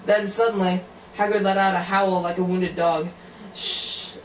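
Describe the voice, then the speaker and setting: A man with a fairly high voice reads a novel aloud, often tripping over words and starting lines again. He sits back from the mic in an echoey room, and the sound is dull and muffled with faint noise behind. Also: level tone, normal speed, recorded from a distance. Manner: stumbling reading with frequent slips and restarts. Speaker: reader.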